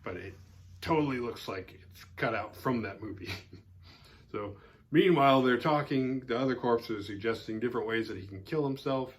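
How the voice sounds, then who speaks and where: A man's voice: mid-range voice, normal speed. A man hosting a horror film podcast, casually retelling a movie's plot in a loose, rambling way with lots of "like" fillers and a wry aside now and then. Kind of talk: casual spoken film recap.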